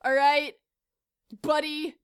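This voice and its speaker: A woman's voice: sits high, little pitch movement, takes it slowly. A woman in a comic rant, exasperated and stammering, with mock outrage and heavy swearing. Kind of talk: comedic rant to camera.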